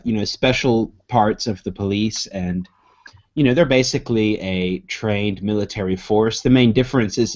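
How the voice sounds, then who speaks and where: A man's voice: fairly low pitch, darkish tone. A man co-hosting a live online show in casual chat, rambling with many restarts. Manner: rambling, with restarts and "you know"s. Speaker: co-host. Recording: dull lo-fi stream audio.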